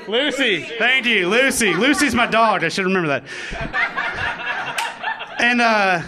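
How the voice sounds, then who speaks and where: A man telling a live story on stage in a high, bright voice. His pitch swings widely as he acts out the people he quotes with comic timing. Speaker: storyteller, former prosecutor.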